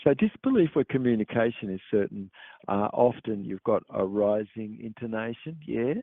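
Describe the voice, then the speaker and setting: A man hosting a show, explaining at length in a halting, rambling way with many fillers. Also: fairly low pitch, expressive, dry recording. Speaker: podcast host. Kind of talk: meandering explanatory monologue. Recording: dry tinny phone-like sound.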